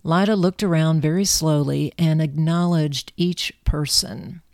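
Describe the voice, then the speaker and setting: Low-voiced woman reading a story. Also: fairly even intonation, a little slow, darkish tone, no room sound, studio quality. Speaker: narrator. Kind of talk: storybook narration.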